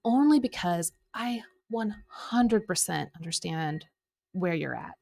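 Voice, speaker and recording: A middle-aged woman speaks as a coaching podcast host. She tells her story with animated energy, slipping into the voices of people she quotes. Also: on the low side, takes it slowly, gravelly. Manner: animated, acts out quoted speech, filler-heavy. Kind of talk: coaching conversation, personal storytelling.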